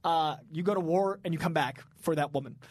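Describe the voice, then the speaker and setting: A man's voice: fairly high pitch, brisk, no echo. A man co-hosting a podcast in casual chat, enthusiastic and rambling. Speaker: podcast co-host.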